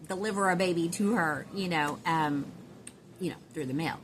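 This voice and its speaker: A woman's voice: fairly low pitch, moderate pace, slight background noise. A middle-aged woman with a Southern US accent, chatting casually to camera in a rambling, giggly way with lots of fillers. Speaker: doll collector vlogger.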